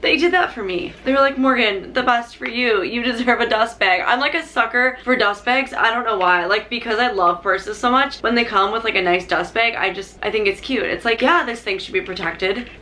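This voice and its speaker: A young woman vlogging an unboxing, gushing and bubbly, peppering her talk with "literally" and "like", her pitch jumping high when she is thrilled. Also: a little fast, hardly any pauses, pushed and bright, slight background noise. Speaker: YouTuber. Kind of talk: excited unboxing vlog.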